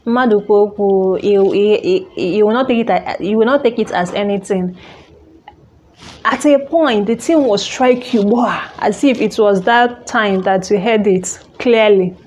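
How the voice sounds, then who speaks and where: A woman telling a personal story in a halting, emotional way, full of restarts. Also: medium pitch, darkish tone, a little hiss or hum. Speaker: vlogger.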